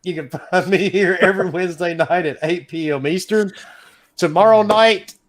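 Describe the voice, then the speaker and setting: A man hosting a casual gaming podcast, passing the mic to guests and plugging his upcoming shows in a breezy way. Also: high-pitched. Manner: quick, breezy handoffs to guests. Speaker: podcast host.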